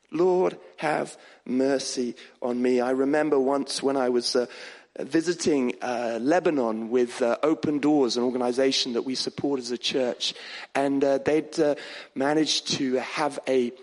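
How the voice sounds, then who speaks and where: A man preaching a sermon as pastor of a church, earnest, moving between soft quiet passages and raised emphatic ones. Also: a little high. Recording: long hall reverb.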